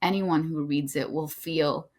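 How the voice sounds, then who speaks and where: A woman author who is a guest on a podcast, speaking earnestly and gently while she stresses her key points. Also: low voice, fairly even intonation, unhurried. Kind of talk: conversational interview.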